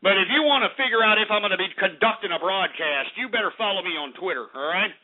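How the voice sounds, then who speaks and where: A man hosting a talk radio show, delivering an exasperated, swearing rant with frequent shouting. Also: high-pitched, animated, fast. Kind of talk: angry on-air rant. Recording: narrow phone-like radio audio.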